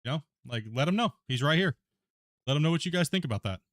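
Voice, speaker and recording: A man's voice: on the high side, expressive, fast, fairly bright tone, no echo, studio quality. A man hosting a podcast stream in casual chat, talking to his live viewers and laughing easily as he goes. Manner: chatty, laughing, addresses viewers directly.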